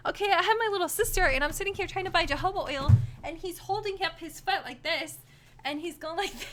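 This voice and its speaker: A young woman vlogging, telling a story to her camera in a chatty, animated way full of "like" fillers. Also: very high voice, quick pace. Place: home room, wearing a costume.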